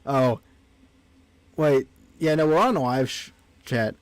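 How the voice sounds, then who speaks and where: A man's voice: mid-range voice, expressive, slow, dry recording. A man streaming a game, chatting casually and reading the on-screen text aloud. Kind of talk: casual gameplay commentary.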